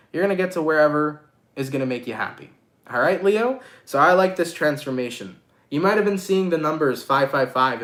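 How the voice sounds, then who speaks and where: A man giving a casual live-streamed tarot reading, expressive and swearing freely as he talks to viewers. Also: a little high. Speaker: tarot reader.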